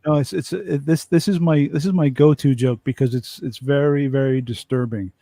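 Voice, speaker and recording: A man's voice: mid-range voice, fairly even intonation, normal speed, mellow, no echo, clean studio sound. A man in a casual chat telling a long joke, restarting his phrases as he goes. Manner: storytelling with repeated restarts.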